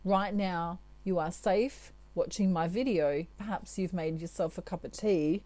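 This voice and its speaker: A woman, a tarot reader, giving spiritual advice to her viewers in a chatty, gentle way with asides. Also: on the low side, a little slow.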